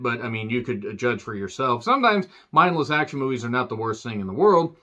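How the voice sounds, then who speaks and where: Male reviewer, sardonic and foul-mouthed, mid pitch, somewhat muffled lo-fi sound. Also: a bit bright. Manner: sarcastic, swearing, laughing asides. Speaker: film reviewer. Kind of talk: profane movie review rant.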